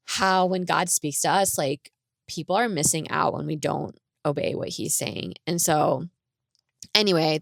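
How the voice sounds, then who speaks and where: A woman talks through a personal story on her podcast, casual and rambling, with "like" dropped into nearly every sentence. Her voice sits somewhat low and has a gravelly, fry-tinged texture. The sound is dry and close, with no room echo. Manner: chatty, rambling, fills speech with "like". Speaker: podcast host.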